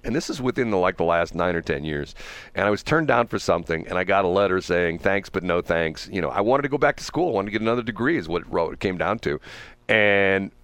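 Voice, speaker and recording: A man's voice: on the low side, fairly bright tone, no room sound. A middle-aged man hosting a radio talk show, telling stories in casual banter and laughing often. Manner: chatty, laughing storyteller.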